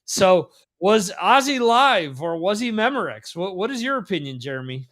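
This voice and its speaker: A man's voice: high-pitched, very animated, moderate pace, a bit bright. Chatty man hosting a music talk show. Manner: rambling, laughs often, many fillers. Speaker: podcast host. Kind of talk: casual chat. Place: lives in Spain.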